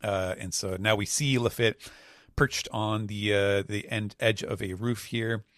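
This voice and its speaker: A man's voice: fairly low pitch, fairly even intonation, a little slow, fairly bright tone, no room sound, studio quality. A man co-hosting a podcast, recapping a comic chapter in a rambling, casual way with lots of fillers. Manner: rambling, with many fillers, and laughs at his own jokes. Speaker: podcast co-host.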